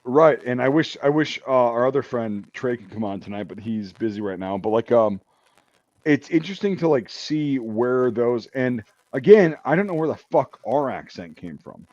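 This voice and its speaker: A man's voice: medium pitch, animated, normal speed, a little mellow, no echo, dull audio. An American man hosting a casual chat, rambling with lots of fillers and some swearing. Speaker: podcast host.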